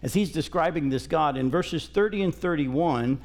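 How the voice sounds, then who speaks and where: A man's voice: fairly high pitch, moderate pace. A middle-aged man, a pastor, teaching from scripture in a folksy, conversational sermon in a church. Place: church sanctuary.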